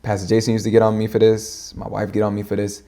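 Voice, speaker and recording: Gravelly, low-voiced man, quick slangy podcast guest talk. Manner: fast-talking, slangy, animated. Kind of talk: casual conversation.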